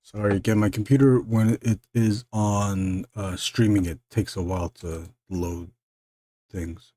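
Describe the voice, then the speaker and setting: A man's voice: on the low side, fairly even intonation, unhurried, warm tone, no echo. A man hosting a live stream, chatting casually and rambling, with frequent fillers and laughs. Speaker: live stream host and illustrator.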